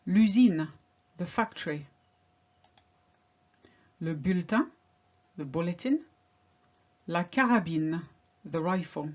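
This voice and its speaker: A woman talks through a pronunciation lesson at an unhurried, careful pace, setting out each example word on its own. Her voice sits a little low and comes through a slightly dull, lo-fi recording. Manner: slow, deliberate word-by-word drilling. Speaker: French teacher.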